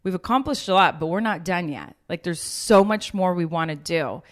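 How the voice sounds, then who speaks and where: A woman in her thirties talking as a guest in a casual conversation, telling stories with lively acted-out quotes. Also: lowish voice, moderate pace. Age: 30s. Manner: animated storytelling, acts out quoted voices.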